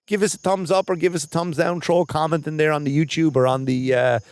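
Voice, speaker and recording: A young man co-hosting a comedy podcast, rambling through jokes with constant restarts and casual swearing. His voice sits on the higher side for a man. The sound is close and dry, with no room around it. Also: fairly even intonation, fast, darkish tone, smooth, no echo. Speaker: stand-up comedian and podcast co-host.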